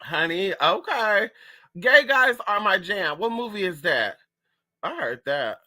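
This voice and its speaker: Sassy male streamer, high voice and bright tone, chatty and animated. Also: slow. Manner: sassy, animated, calls viewers honey and girl. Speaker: livestream host reading chat. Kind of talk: casual chat.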